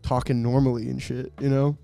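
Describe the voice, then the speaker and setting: A man's voice: mid-range voice, level tone, fairly quick, gravelly, warm tone, faint music behind. A young man chatting as a guest, goofy and joking, swearing casually. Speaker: guest soccer player. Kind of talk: casual chat.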